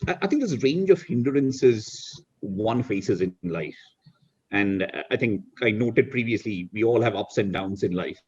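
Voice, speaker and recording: A middle-aged man from India joins a video call talk show as a guest for a casual interview chat, speaking reflectively with many restarts and "you know". His voice is fairly low, animated, a little slow, slightly mellow and rough, and the recording has its highs cut off.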